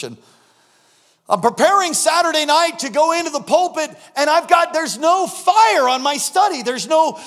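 A man preaches a sermon, telling a personal story and performing its dialogue, moving between shouting and hushed speech. His pitch is extremely high, and the sound fills a big room.

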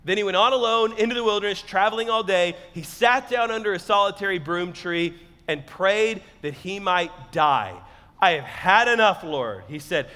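A man preaching a sermon as pastor, conversational and joking, at times shouting loudly. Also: high-pitched, moderate pace, clear, resonant tone. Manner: conversational and joking, bursting into loud shouted lines. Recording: long hall reverb.

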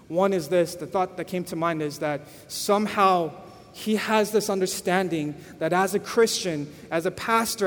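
High-voiced pastor preaching in a church. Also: male voice. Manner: animated, repeats words, addresses congregation. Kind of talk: sermon storytelling. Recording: echoey church hall.

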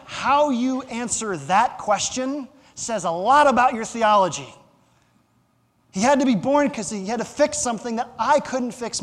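Man, pastor, sermon, high voice, emphatic repetition, long echo of a church hall. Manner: emphatic, repeats phrases for stress; asks the congregation to fill in words.

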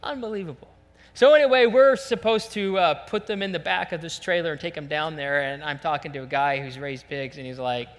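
A man preaching a sermon, telling a lively, joking story and acting out voices as a pastor. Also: a little high, long reverb tail. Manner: animated, jokey storytelling, acts out voices.

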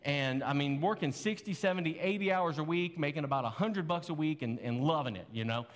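A man's voice: fairly high pitch, brisk. Conversational preaching man in an echoey hall. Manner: earnest, conversational preaching with rhetorical questions. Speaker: pastor. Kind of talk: sermon.

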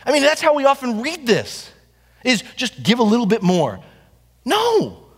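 A man's voice: very high voice, very animated, normal speed, a bit bright, breathy edge. A man preaching a sermon to his church, driving points home with rhetorical questions and repetition. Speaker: pastor. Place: church sanctuary. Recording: long reverb of a hall.

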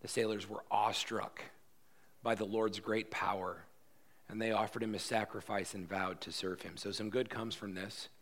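A man's voice: lowish voice, fairly even intonation, moderate pace, a bit bright. Emphatic conversational male preacher. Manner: emphatic, conversational, acts out quotes. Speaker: pastor. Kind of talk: sermon.

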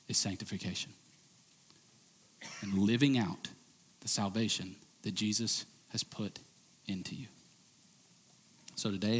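A middle-aged man preaches to his congregation, his voice sitting in an ordinary register. He swings from loud, emphatic declarations down to hushed, intense lines. The sound carries the long reverb of a church sanctuary. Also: medium pitch. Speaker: pastor. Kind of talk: sermon.

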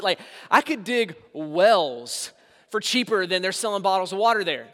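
High-voiced pastor preaching in a reverberant hall. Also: male voice, brisk. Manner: animated, swings from hushed to loud emphasis. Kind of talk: sermon. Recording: long reverb of a large hall.

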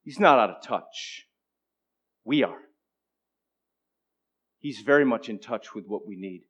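A man preaching a sermon, moving between emphatic declarations and hushed, conversational asides to the congregation. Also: on the low side, expressive, slow pace, slightly rough, dull audio. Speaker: pastor.

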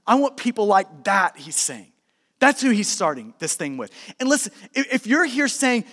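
A man preaching a sermon as pastor, emphatic, swinging between loud urging and hushed softer passages. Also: high voice, very animated, moderate pace, long reverb tail.

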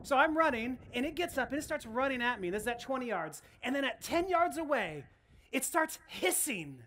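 Animated woman preaching a sermon. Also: sits high, normal speed, slight background noise. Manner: animated storytelling, laughs often, many restarts. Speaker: pastor.

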